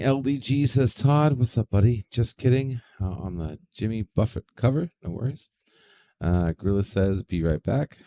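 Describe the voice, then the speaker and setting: A man's voice: mid-range voice, vocal fry, mellow, dry recording. A man hosting a casual livestream, rambling, swearing freely and greeting chat viewers by name. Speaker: livestream host.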